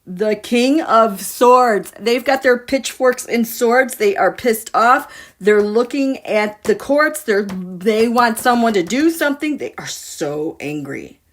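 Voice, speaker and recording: A woman's voice: on the high side, expressive, slow, hardly any pauses. A woman giving a casual tarot reading to her viewers, musing and dramatic as she talks through the cards. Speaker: tarot reader.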